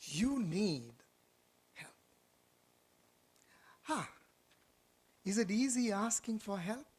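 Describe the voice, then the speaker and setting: A man giving a lively motivational orientation talk in an auditorium, quizzing the audience and telling stories. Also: high-pitched, extremely slow, slightly rough. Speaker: orientation speaker.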